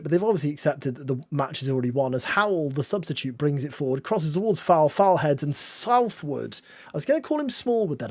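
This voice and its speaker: A man's voice: fairly high pitch, darkish tone, husky, no room sound, clean studio sound. A man giving playful, self-mocking commentary on a football management game, switching between mock-commentator play-by-play and wry asides. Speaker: gaming YouTuber.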